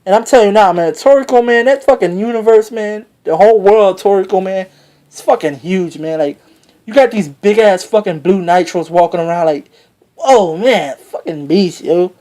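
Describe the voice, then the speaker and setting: An excitable reviewer talks through a manga chapter in a loose, rambling way, full of slang and swearing. The sentences restart and trail off as the thoughts race ahead. The voice sits at an ordinary middle pitch. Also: moderate pace. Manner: excitable, slangy and heavily profane; rambling with many fillers and restarts. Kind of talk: casual recap of a manga chapter.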